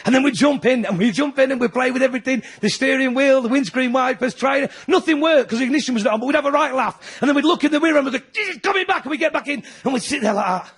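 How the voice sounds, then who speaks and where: A man's voice: extremely high pitch, quick pace, few pauses, slightly rough. A middle-aged man from Manchester with a Manchester accent, doing a chatty, self-mocking, ranting stand-up routine in front of a live audience. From north of England, Manchester. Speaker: stand-up comedian. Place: comedy venue with live audience. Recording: noisy live club recording.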